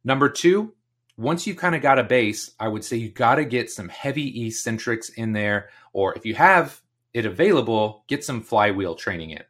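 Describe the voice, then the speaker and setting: A man's voice: medium pitch, animated, normal speed, fairly bright tone. A man hosting a podcast Q&A, answering listener questions in a casual, chatty way and leaning on fillers like "like" and "you know". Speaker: strength coach and podcast host.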